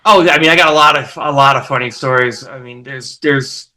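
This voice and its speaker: A man's voice: medium pitch, fairly quick. A man in his forties, a musician guest, telling road stories casually and acting out the quotes. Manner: animated storyteller, acts out quotes. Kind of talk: casual interview storytelling.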